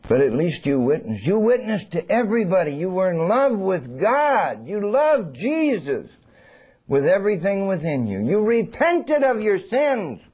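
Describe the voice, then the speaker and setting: A man preaching a sermon. He swings between loud and hushed and acts out little scenes. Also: high-pitched, sing-song, measured pace, breathy edge.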